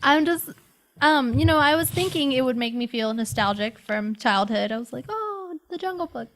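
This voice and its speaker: Higher-voiced playful woman talking movies. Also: fairly even intonation, moderate pace, fairly bright tone. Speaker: podcast panelist. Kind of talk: casual movie chat.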